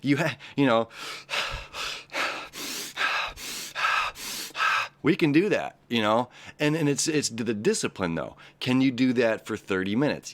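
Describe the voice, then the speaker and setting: A man hosting his own astrology channel, talking to his camera in a rambling, animated way full of "you know"s and restarts. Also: medium pitch, takes it slowly, long pauses. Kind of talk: casual motivational talk to camera. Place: his own recording spot, seated. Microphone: camera setup he operates himself.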